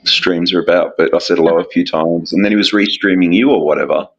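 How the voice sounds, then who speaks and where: A man chatting as a panelist on a live stream, agreeable and halting. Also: low-pitched, steady tone, gravelly, husky. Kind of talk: casual stream chat. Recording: dull, muffled lo-fi mic.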